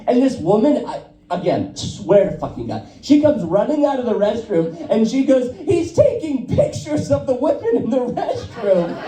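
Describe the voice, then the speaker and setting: Stand-up comic, dark mellow voice, lively swooping delivery, roomy stage sound from a distant mic. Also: mid-range voice. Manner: loose, profane storytelling, laughing at own jokes. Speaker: stand-up comedian. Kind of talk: stand-up set at an open mic. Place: live comedy club stage.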